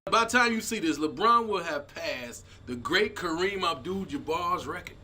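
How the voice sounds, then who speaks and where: A man comedian hosting his own show, telling stories in an animated way, acting out the people he quotes and shouting at the big moments. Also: on the high side, moderate pace. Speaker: comedian host. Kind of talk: energetic stand-up style commentary.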